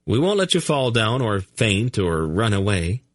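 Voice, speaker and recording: A man voicing a brisk, impatient young king who gives orders and dry, sarcastic remarks. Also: fairly low pitch, big pitch swings, no room sound, pitched above the performer's own voice. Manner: brisk, dryly sarcastic, commanding.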